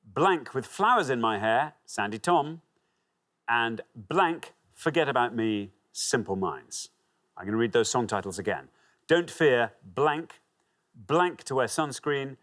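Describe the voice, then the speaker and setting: A man's voice: medium pitch, animated, measured pace, fairly bright tone. A man hosting a TV quiz show, reading clues and teasing contestants in a playful way. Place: TV studio.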